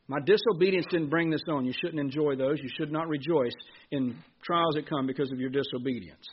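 A man's voice: a little high, normal speed, dull audio, a little hiss or hum. A man preaching a sermon in a conversational way, asking the congregation questions.

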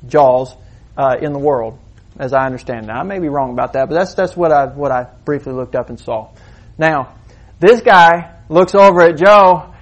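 A man preaching a sermon, moving between quiet asides and loud, emphatic points. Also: a little high. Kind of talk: sermon with demonstration.

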